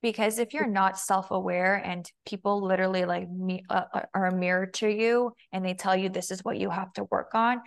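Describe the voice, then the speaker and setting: Her creaky, medium-pitched voice stays fairly even, moving at normal speed with few pauses. As a podcast guest and femininity and body language coach, she's chatty, full of "like," and quotes herself and her partner.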